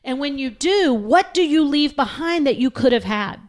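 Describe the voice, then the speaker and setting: A woman's voice: high-pitched, expressive, normal speed. A woman co-hosting a podcast, telling a story with earnest, emphatic conviction. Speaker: podcast co-host.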